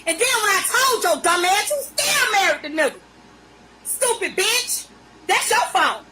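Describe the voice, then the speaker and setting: A middle-aged woman from Virginia with a Virginia accent, ranting profanely and bluntly into her phone on a live stream, often breaking into shouting. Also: very high-pitched, slight background noise, poor audio. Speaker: livestreamer. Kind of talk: angry live-stream rant.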